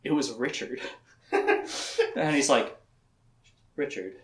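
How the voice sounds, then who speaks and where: A man's voice: on the high side, expressive, normal speed, echoey room. A man casually recapping a fantasy novel for a podcast, rambling, laughing and quoting the characters. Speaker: podcast host. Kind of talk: casual book discussion.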